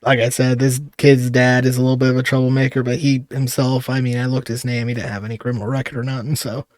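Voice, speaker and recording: A man's voice: mid-range voice, little pitch movement, quick pace, a little mellow, no echo, clean studio sound. A man, a police officer, telling stories in casual podcast chat and laughing often between lines.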